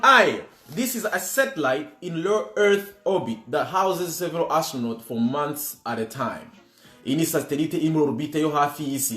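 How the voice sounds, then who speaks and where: Playful bilingual quiz host, roomy sound. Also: male voice, a little high, bright, forceful tone. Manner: playful, bilingual, greets viewers by name. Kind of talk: livestream trivia hosting. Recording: roomy with music behind.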